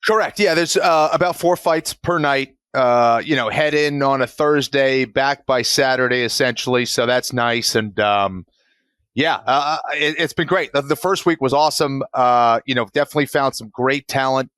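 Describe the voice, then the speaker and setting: A man's voice: mid-range voice, moderate pace, fairly bright tone, smooth, no room sound. Easygoing enthusiastic male podcast co-host. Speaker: podcast co-host, fight commentator. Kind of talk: casual podcast chat.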